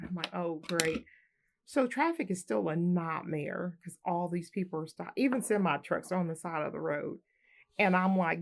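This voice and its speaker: A military veteran woman telling a personal story to the camera in a lively way, laughing often as she goes. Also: lowish voice, gravelly. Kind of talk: personal anecdote told to camera.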